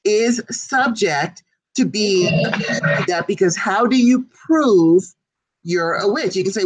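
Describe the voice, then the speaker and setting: A woman's voice: medium pitch, expressive, measured pace, rough recording. A woman co-hosting a casual talk show, talking at length in an emphatic, indignant way. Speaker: co-host. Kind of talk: casual chat.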